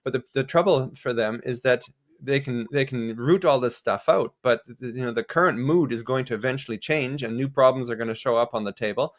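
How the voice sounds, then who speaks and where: A man's voice: medium pitch, brisk. A man speaking as a podcast guest, explaining political ideas thoughtfully, often restarting phrases and using fillers. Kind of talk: casual political discussion.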